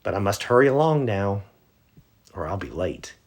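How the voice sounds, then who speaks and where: A man voicing a sweet, polite little girl in a storybook, speaking quickly and eagerly. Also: lowish voice, big pitch swings. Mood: hurried.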